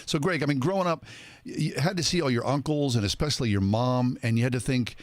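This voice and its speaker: A man hosts a radio talk show from the studio, with a dry, close sound. He leads the interview calmly and drops in short, affirming replies. His pitch is ordinary. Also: fast talker, dry recording. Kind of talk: interviewing a guest.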